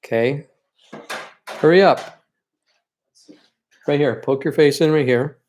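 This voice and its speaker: A man's voice: on the high side, takes it slowly, a little mellow. A man teaching a live-streamed painting lesson, chatty and encouraging as he works, and openly sentimental about his students. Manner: chatty and encouraging, talks while working. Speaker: art teacher leading a paint night.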